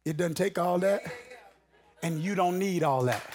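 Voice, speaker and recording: A male preacher delivering an animated sermon, shouting, laughing and calling out to the congregation. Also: high voice, normal speed, background noise.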